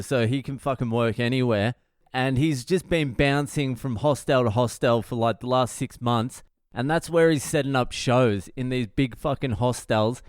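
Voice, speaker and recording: A man's voice: medium pitch, smooth, no room sound, studio quality. A middle-aged man, host of his own podcast, telling stories in a profane, rambling, jokey way. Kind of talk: casual monologue podcast.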